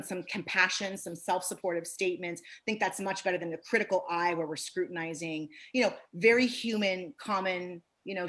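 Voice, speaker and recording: A woman therapist talking on a panel with a lowish voice that swings about expressively. She acts out kind and harsh inner voices as she goes, shifting her tone to play each one. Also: fairly bright tone. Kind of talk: panel discussion.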